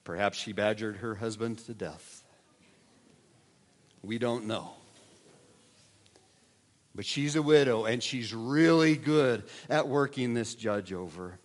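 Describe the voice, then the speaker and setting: A man preaching a sermon as pastor, lively with wry asides and frequent restarts. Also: fairly low pitch, slow pace, long pauses. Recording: long reverb of a large hall.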